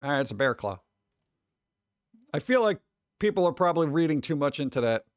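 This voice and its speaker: A man's voice: on the high side, sing-song, a little fast, dry recording, lo-fi sound. A man from New York streaming casually, reacting to chat with sarcastic, mumbled asides.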